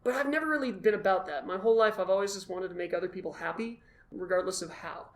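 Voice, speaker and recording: A man as the guest, telling his story in an animated, self-deprecating way and acting out his own past thoughts. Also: high-pitched, fast talker. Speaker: guest, costumed charity volunteer. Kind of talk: casual storytelling in a conversation.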